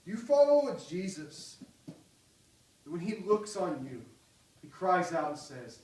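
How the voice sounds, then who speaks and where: Male pastor, higher voice, impassioned sermon, echoey hall, a little off the mic. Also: very animated, slow pace, long pauses, far from the mic, a little hiss or hum. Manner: impassioned, swinging from loud cries to soft pleading.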